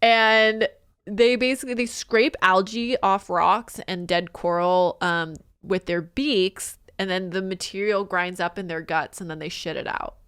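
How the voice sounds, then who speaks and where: A woman's voice: mid-range voice, fairly even intonation, unhurried, a bit bright, clean tone. Chatty woman podcast co-host. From Filipino family. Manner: rambling, lots of "like", squeals playfully. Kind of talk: casual chat.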